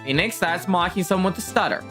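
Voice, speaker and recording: A woman's voice: on the low side, quick pace, music in the background. A woman streamer giving casual, joking commentary on a game.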